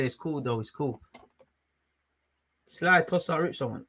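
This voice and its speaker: A young man hosting a live football watchalong. He is excitable, shouts at the referee and drops to low mutters in between. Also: measured pace. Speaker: fan watchalong host.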